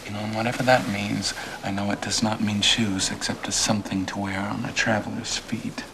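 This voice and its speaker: A man's voice: on the low side, flat delivery, background noise, lightly acted. A man playing a restless, bitter young son. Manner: tense, bitter, halting. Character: restless young man, grown son longing to leave home. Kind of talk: film drama acting.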